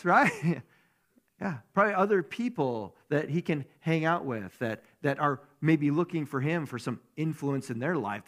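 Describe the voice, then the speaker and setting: A man's voice: fairly high pitch, fairly bright tone. Man preaching with rhetorical questions. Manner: keeps asking rhetorical questions. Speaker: pastor. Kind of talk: conversational sermon.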